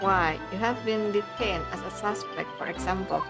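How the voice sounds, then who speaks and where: A woman's voice: mid-range voice, normal speed, lightly acted. A woman voicing an earnest, polite young male lawyer who talks in a hesitant way, over game music.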